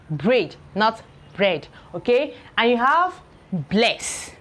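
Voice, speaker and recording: A woman's voice: on the high side, sing-song, fairly bright tone. Woman teaching reading with drilled syllables. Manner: drills syllables slowly, tagging lines with "okay?". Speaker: English teacher. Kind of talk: classroom lesson at a board. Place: classroom or room with a board.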